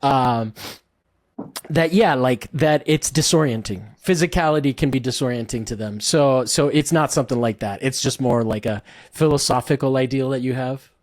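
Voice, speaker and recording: A man's voice: mid-range voice, moderate pace, dry recording, clean studio sound. A man of Cuban heritage hosting a podcast, chatting casually in a jokey, rambling way with many restarts. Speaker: podcast host.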